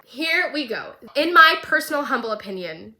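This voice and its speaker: A woman vlogger giving a comedic, gushing recap of a show, excitable and jokey. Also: high-pitched, moderate pace.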